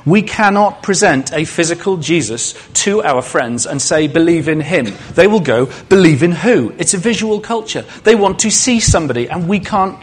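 A man's voice: high-pitched, lively intonation, normal speed, few pauses, husky. A male preacher giving a sermon in a conversational way, asking the congregation questions and adding humorous asides.

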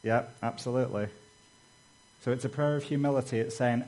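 A man's voice: medium pitch, steady tone, fairly quick, long pauses, a little mellow, rough recording. Man, sermon, conversational, mid-range voice, acts out quotes. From Britain. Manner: conversational, frequent "you know" asides; acts out quoted dialogue with raised voice. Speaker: preacher.

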